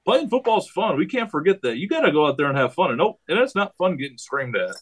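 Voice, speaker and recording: A man's voice: on the high side, quick pace. Rambling man coaching football. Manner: rambling, animated storytelling with quoted yells. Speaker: high school head football coach, guest. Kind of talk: casual podcast conversation.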